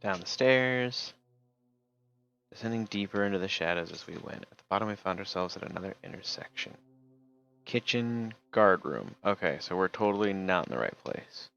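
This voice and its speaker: A man's voice: low voice, lively intonation, moderate pace, creaky, a bit bright, dull audio. A man streaming, reading a text game aloud and casually remarking between passages. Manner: casual, reads narration then remarks.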